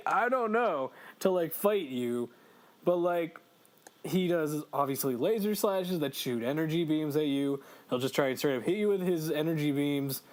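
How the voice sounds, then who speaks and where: A man co-hosting a podcast in casual chat, excitable, swearing and laughing as he talks through a game. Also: fairly high pitch, normal speed. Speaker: podcast co-host.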